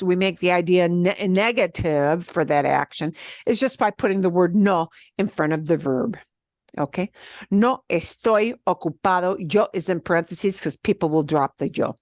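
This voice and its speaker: A woman teaching a beginner Spanish class, explaining step by step in an animated way and laughing often. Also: fairly low pitch, no echo, studio quality. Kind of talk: beginner language lesson.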